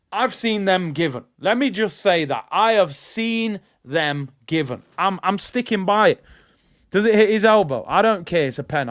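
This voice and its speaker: Young man, raised pitch, live match watch-along host, insistent and repetitive. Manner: animated, repeats himself, argues with chat. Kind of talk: casual live match commentary.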